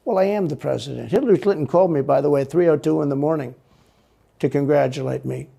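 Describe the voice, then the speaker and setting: A man's voice: a little high, fast, creaky, warm tone, breathy edge. A man speaking as an interview guest, rambling and repeating himself with a boastful tone. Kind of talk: played interview clip.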